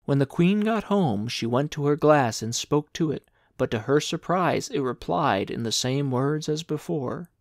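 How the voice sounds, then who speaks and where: A man narrating a fairy tale as an audiobook, in a measured, clear read-aloud manner. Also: fairly high pitch, expressive, no room sound, clean studio sound.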